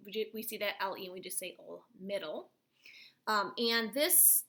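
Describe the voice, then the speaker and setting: A woman's voice: medium pitch, sharp tone. A woman teacher giving a recorded phonics and spelling lesson, patiently spelling out letters and sounds. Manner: patient, slow letter-by-letter explaining.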